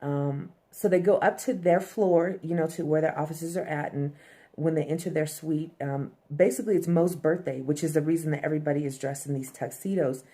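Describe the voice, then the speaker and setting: A woman with a low, mellow voice talks through a TV episode scene by scene. She is chatty and casual, filling pauses with "um" and tossing asides to her viewers. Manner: chatty, frequent "um", addresses viewers as fam and y'all. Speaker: TV episode recapper.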